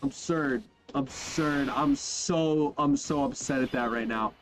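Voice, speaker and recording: A young man giving casual, animated commentary while playing a game, chatting loosely, saying bro and yo, and trailing off mid-sentence. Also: medium pitch, a little slow. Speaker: gaming YouTuber. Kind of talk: casual let's-play commentary. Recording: faint game music behind.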